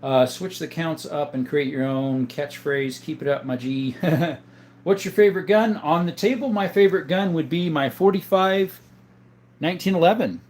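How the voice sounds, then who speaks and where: A man with a somewhat high voice hosts a casual livestream. He reads viewer questions aloud and answers in an easygoing way, with plenty of ums and uhs along the way. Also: moderate pace, a little mellow. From southern Arizona. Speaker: livestream host answering chat. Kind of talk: casual live-chat talk.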